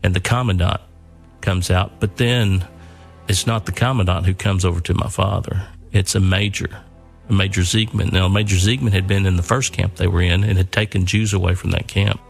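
A man's voice: deep voice, steady tone, moderate pace, creaky, soft background music. An older man earnestly telling a personal story, often repeating and restarting his words.

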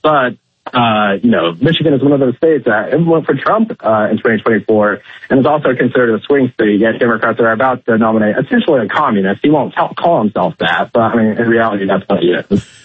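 A man calling in to a radio show as a political commentator, talking in measured turns with many fillers. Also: mid-range voice, lively intonation, breathy edge, no room sound. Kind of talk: talk radio phone interview. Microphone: telephone. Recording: tinny dry phone line.

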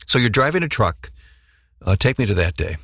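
Male interviewer, very deep gravelly voice, dry close sound, probing questions. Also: sing-song, a little fast, fairly bright tone, dry recording.

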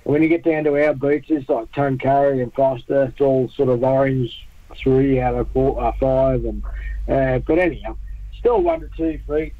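A man's voice: mid-range voice, steady tone, moderate pace, no echo, phone-quality sound. A man with an Australian accent, chatting casually on radio about travel and surf, laughing often. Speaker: radio surf report regular.

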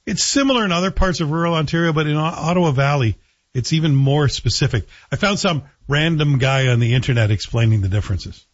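A man's voice: a little high, animated, fast, highs cut off. A man from Scotland hosting a morning talk radio show in a chatty, playful way, mimicking voices now and then. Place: radio studio.

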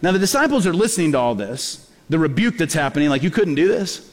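A man's voice: on the high side, big pitch swings, fast, in a large hall. A man preaching a sermon as a pastor, telling stories and acting out quotes with animation. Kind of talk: sermon storytelling.

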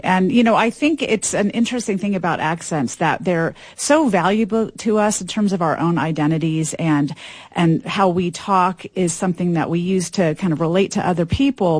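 A woman's voice: on the low side, darkish tone, no room sound. A woman professor explaining her field on a radio show. She sounds engaged and explanatory, and the recording is dry and close. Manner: engaged, explanatory, with a light laugh. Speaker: linguistics professor, guest. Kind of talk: expert interview answer.

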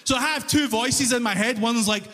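A man's voice: extremely high pitch, normal speed, pushed and bright. A man with a Glaswegian Scottish accent doing stand-up, telling an exasperated story on a live music hall stage. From Glasgow, Scotland. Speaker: stand-up comedian.

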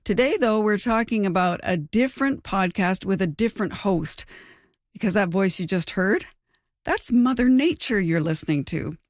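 A woman hosting a podcast interview, introducing the topic and her guests in crisp, scripted-sounding lines. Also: mid-range voice, lively intonation, moderate pace, no echo, studio quality. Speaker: podcast host.

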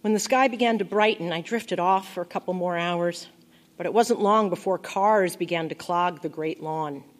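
Woman reading a quiet, intimate audiobook. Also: lowish voice, moderate pace. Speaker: audiobook narrator. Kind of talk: first-person audiobook narration.

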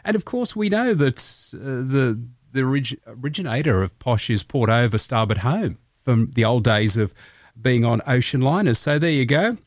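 A man's voice: medium pitch, expressive, moderate pace, no echo, studio quality. Joking male radio host. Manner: chatty and joking, laughs at his own quips. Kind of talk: casual radio chat.

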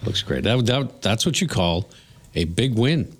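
Male radio co-host, low and animated, casual upbeat banter. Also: unhurried, slightly rough. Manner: upbeat, chatty. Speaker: radio morning show host.

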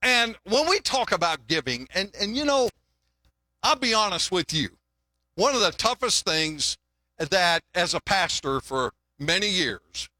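A man's voice: high-pitched, very animated, a little slow, pushed and bright, no room sound. An older man preaching a sermon in a folksy, conversational way, often restarting his words and mixing in jokes. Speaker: pastor.

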